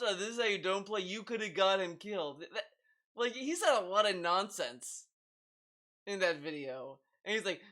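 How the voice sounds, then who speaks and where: A man streaming live and reacting to videos, talking in an excitable, stammering way. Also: high voice. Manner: animated, excitable, stammering repeats.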